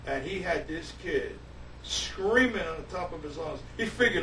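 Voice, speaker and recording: Older-style storyteller: man with a high voice, animated anecdote, distant roomy mic. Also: normal speed. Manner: animated, repeats himself, laughs as he tells it. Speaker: musician telling a story. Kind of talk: casual anecdote. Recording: roomy, distant, faint hiss.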